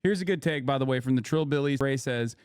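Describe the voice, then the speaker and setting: A man's voice: medium pitch, quick pace, a little mellow, clear, resonant tone, dry recording, clean studio sound. A man giving casual live-stream commentary on clips, sarcastic, heated and emphatic.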